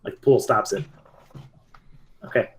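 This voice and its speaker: A man running a tabletop game as game master, narrating loosely with lots of fillers. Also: unhurried. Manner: loose, laughing, with many fillers.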